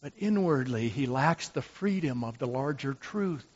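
A man playing a gentle, humble brother of Moses in a slow, musing dramatic monologue. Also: medium pitch, lively intonation, breathy edge, lo-fi sound. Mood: reflective. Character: gentle brother of Moses, who made the golden calf, humble and reflective.

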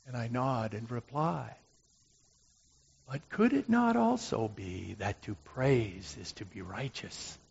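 A man playing a gentle, humble brother of Moses in a slow, musing dramatic monologue. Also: mid-range voice, animated, creaky, breathy edge, highs cut off, full character voice. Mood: reflective. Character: gentle brother of Moses, who made the golden calf, humble and reflective.

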